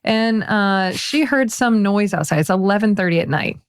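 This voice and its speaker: A woman guest on a podcast, telling a personal story in lively, casual conversation and laughing often. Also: mid-range voice, normal speed, smooth.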